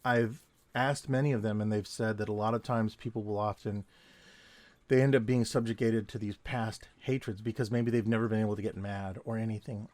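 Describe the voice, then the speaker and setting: A man's voice: fairly low pitch, a little mellow, dry recording. Man rambling through stories, dry sound. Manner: rambling, digressive, chuckles often. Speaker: artist and vlogger, former security guard. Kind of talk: casual storytelling while drawing. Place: home desk at night, drawing.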